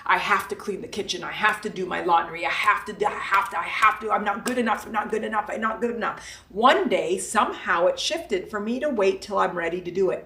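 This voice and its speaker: A woman with a fairly high voice gives a casual motivational talk to a live audience. She is playful and emphatic and leans on repetition. She sounds a little distant from the mic, in a roomy, echoing space. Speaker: live-stream host and self-help coach.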